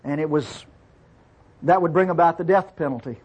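A man teaching from the Bible in a relaxed, conversational way. He reads verses aloud, explains them, and keeps checking in with his listeners. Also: a little high, moderate pace, breathy edge, lo-fi sound.

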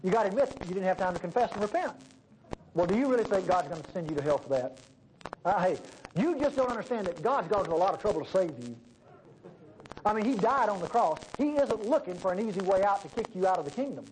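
A high-pitched man delivers a folksy, animated sermon. He swings from loud emphasis down to hushed asides. A faint hiss of noise sits under the voice. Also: fast, rough recording. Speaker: preacher.

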